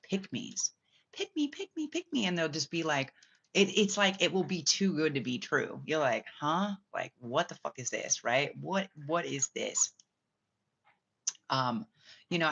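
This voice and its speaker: A woman tells a winding personal story in a loose, profane way, slipping into other people's voices as she quotes them. Her voice is bright and forceful. The recording sounds dull and lo-fi. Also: deep voice. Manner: profane, rambling, acts out quotes. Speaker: spiritual reader. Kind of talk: casual storytelling monologue. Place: Bali.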